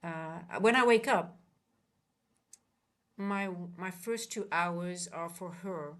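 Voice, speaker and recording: A woman's voice: on the low side, slow pace. A woman coaching traders on a casual livestream, talking earnestly and rambling with many restarts. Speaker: trading coach and livestream host.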